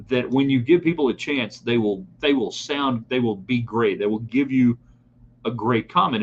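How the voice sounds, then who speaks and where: A middle-aged man hosts a live sports talk show, opinionated and talking straight to his listeners. His voice sits at an ordinary pitch. The sound is a bit dull, with a faint hum behind it. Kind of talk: live sports talk broadcast reading chat comments.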